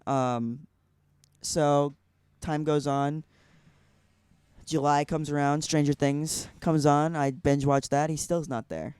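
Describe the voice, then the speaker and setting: Mellow, smooth-voiced young man rambling. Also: a little high, steady tone, takes it slowly, pauses often, dry recording. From Illinois. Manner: rambling, heavy with "like" fillers. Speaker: podcast guest. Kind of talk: casual storytelling.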